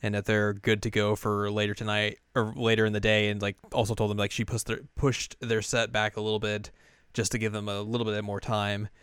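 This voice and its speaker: A man's voice: on the low side, monotone, fairly quick, a bit bright, clear, resonant tone, dry recording, studio quality. A man chatting casually as a podcast co-host, retelling a story animatedly and raising his voice for the characters he quotes. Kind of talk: casual chat recapping an anime.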